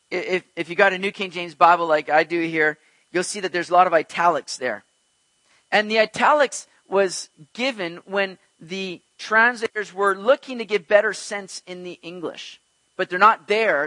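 A man's voice: sits high, moderate pace, sharp tone, dry recording, low-quality recording. A man preaching an earnest expository sermon as pastor, teaching emphatically with rhetorical questions.

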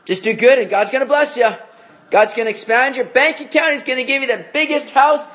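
A glib prosperity preacher, as a Bible teacher puts him on, pitched high and bright with a salesy lilt. He rolls out big promises in an exaggerated, pitchman way. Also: fairly quick. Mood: mocking.

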